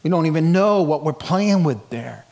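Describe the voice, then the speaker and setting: A man's voice: on the high side, expressive, normal speed, creaky, darkish tone. A middle-aged man pastor preaching a sermon in an emphatic, conversational way, with rhetorical questions to the congregation.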